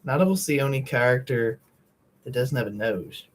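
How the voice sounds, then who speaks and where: A man's voice: medium pitch, moderate pace. A young man streaming from home at night, chatting casually and meandering with lots of fillers and casual swearing while he draws a comic. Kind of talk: casual rambling chat while drawing.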